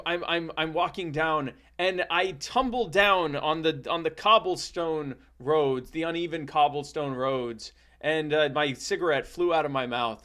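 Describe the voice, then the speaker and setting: A man hosting a comedy podcast, telling an improvised tall tale in a rambling, deadpan way with many restarts. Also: a little high. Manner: rambling, deadpan, self-correcting. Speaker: podcast host.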